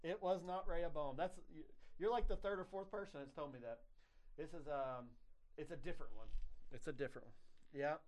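A man's voice: on the high side, fairly quick, a little mellow. A man hosting a radio trivia show in a casual, rambling way, often correcting himself and laughing.

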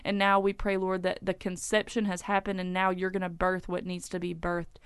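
A woman's voice: on the low side, completely flat delivery, brisk, clean tone, dry recording. A woman leading a spoken prayer in a flowing, repetitive stream of petitions.

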